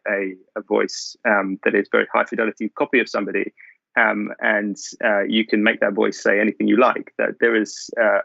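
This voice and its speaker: Gravelly man with halting speech. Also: fairly low pitch, fairly bright tone, dry recording, lo-fi sound. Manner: halting, many fillers and restarts. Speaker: panelist from a broadcaster's tech team. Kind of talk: remote panel discussion.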